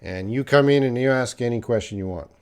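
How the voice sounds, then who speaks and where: A man leads a live English lesson, chatting with viewers and answering their questions while teasing them playfully. His voice is medium-pitched and his pace brisk.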